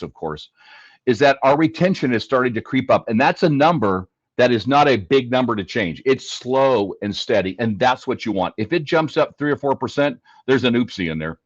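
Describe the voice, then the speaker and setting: A man's voice: mid-range voice, no echo. A man speaking as a dealership service leader on a panel. He talks emphatically and repeats his key points. The audio sounds dull and dry, with no room around it. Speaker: dealership fixed ops leader. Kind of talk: panel discussion.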